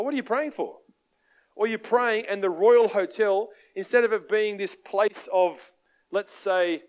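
An Australian preacher man with a fairly high-pitched voice. He tells stories in a loose, conversational way and keeps checking in with the congregation. He sounds lively and animated throughout. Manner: animated, conversational, asks the crowd for amens. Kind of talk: sermon with storytelling.

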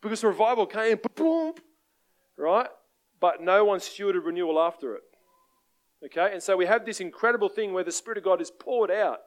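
An Australian preacher man with a fairly high-pitched voice. He tells stories in a loose, conversational way and keeps checking in with the congregation. He sounds lively and animated throughout. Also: moderate pace. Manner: animated, conversational, asks the crowd for amens. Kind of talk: sermon with storytelling.

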